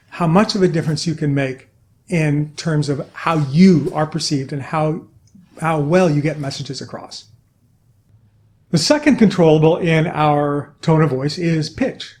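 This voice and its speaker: A middle-aged man giving an energetic instructional talk on speaking, demonstrating points with his own voice. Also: fairly high pitch. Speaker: communication trainer.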